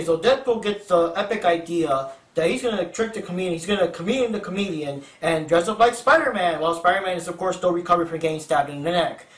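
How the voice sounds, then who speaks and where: A man's voice: sits high, a bit bright. A young man hosting a casual improvised comic book review, talking in a chatty, rambling, playful way. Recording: roomy echo, distant mic.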